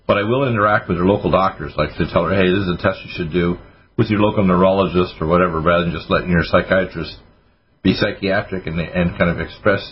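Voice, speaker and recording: A deep-voiced man hosts a radio health show and talks quickly, piling up advice and throwing in sarcastic asides. The sound is dull and lo-fi, with a faint hiss underneath. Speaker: radio host doctor. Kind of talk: casual radio talk.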